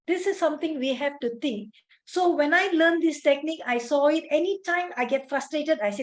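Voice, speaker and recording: A woman's voice: high-pitched, brisk. A woman stress management trainer teaching a workshop, who tells stories, repeats phrases for emphasis and asks the audience questions.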